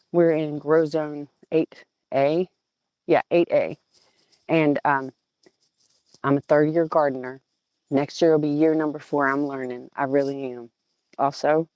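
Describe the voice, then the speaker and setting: A woman's voice: low voice, unhurried, pauses often, no echo. A woman from southeastern Virginia with a Southern accent, chatting casually and animatedly to viewers on a phone as she walks her garden. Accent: Southern American. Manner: chatty and animated, cooing at plants and greeting viewers. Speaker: gardening vlogger. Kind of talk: casual live-stream chat. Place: outdoor home garden. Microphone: old phone.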